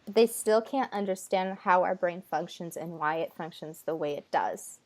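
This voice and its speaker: A woman channeler talking casually, nervous and halting, with many fillers and restarts, relaying an unseen being's words in her own voice. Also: fairly low pitch. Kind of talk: casual conversation.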